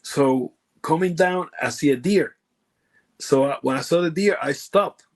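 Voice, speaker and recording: Puerto Rican man telling halting stories. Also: a little high. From Puerto Rico. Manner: halting, lots of fillers and restarts, broken grammar. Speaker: guest, former pro wrestler. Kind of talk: casual storytelling interview.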